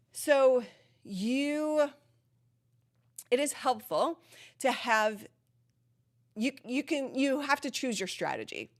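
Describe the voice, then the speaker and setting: A woman hosting a live streaming Q&A from her home studio, chatting casually with lots of ums and laughs, a bit out of breath. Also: on the high side. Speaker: live streaming channel host.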